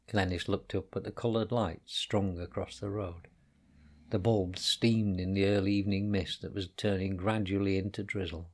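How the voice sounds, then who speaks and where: Low-voiced man reading a story. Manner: calm, measured narration. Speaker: narrator.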